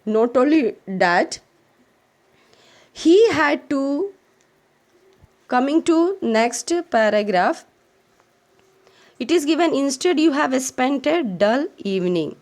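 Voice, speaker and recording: A woman's voice: sits high, sing-song, takes it slowly, long pauses, darkish tone. A woman teacher with an Indian English accent who reads a textbook chapter aloud and explains it to children, repeating phrases and defining words as she goes.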